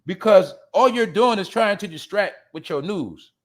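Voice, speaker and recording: Male host with a high voice, brash and profane commentary style. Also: animated, normal speed. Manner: profane, blunt, addresses listeners as y'all; laughs at his own jabs. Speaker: show host. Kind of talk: ranting commentary.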